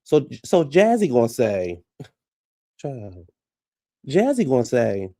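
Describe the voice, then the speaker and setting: A man giving casual, profane reaction commentary on a reality show, blunt and animated, often laughing. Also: medium pitch, slow, no echo, studio quality.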